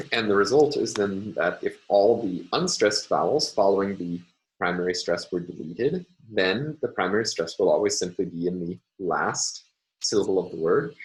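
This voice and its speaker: A man lecturing on phonology, speaking in a measured, halting way with many fillers. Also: sits low, a little hiss or hum, rough recording.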